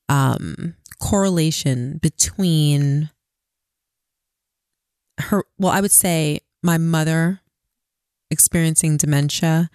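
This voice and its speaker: Woman, very low voice, teasing, plain explainer, podcast co-host, dry room. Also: dark tone, clear, resonant tone, dry recording. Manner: teasing, matter-of-fact explaining. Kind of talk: casual chat.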